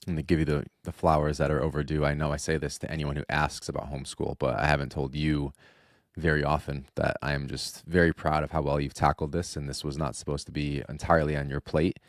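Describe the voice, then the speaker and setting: A man's voice: rumbling low, quick pace, no echo, studio quality. A man in his thirties co-hosting a podcast, telling an earnest family story in casual chat. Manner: earnest storytelling, animated when quoting. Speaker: podcast co-host.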